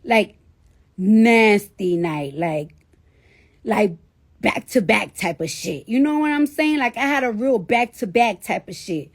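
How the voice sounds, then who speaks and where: A woman's voice: fairly high pitch, animated, measured pace, slightly rough. A woman in her thirties telling a personal story casually, with blunt, profane talk and lots of fillers. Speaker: celebrity on a livestream.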